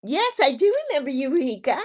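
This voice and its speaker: A fairly high, very animated woman's voice swoops up and down as she chats with her live-stream viewers. She sounds affectionate and sympathetic, calling people endearing names and repeating her kind wishes. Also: brisk. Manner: sympathetic, repeats herself softly. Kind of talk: casual chat reading viewer comments.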